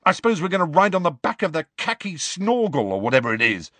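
Man voicing a hot-headed teenage boy, blunt, exasperated, raised pitch, dry sound. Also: fairly even intonation, moderate pace, fairly bright tone, dry recording.

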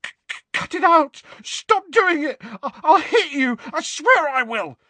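A man's voice: extremely high pitch, big pitch swings, unhurried, bright, forceful tone, dry recording, pitched above the performer's own voice, exaggerated voice. A man voicing a frightened teenage bully boy who stutters and whimpers. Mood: panicked.

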